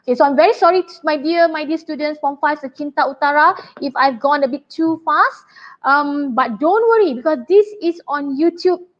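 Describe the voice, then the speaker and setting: High-voiced woman teaching online. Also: lo-fi sound. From Malaysia. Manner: brisk, chatty and apologetic, addressing pupils warmly. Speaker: English teacher. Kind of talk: online workshop lesson.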